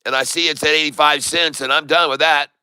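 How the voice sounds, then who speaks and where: A man giving live stock trading commentary, excitable, repeating his sell calls to viewers and joking in broken Spanish. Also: a little high, fairly quick, clear, resonant tone, dry recording. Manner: jokey, mixes in broken Spanish.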